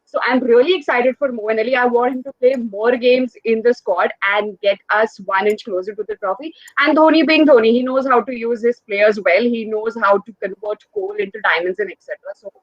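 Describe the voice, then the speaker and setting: Woman fan on a video call, opinionated, sure of herself, bit high voice, dry dull audio. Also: brisk, hardly any pauses, dry recording. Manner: confident, opinionated. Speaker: fan guest. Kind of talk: casual chat.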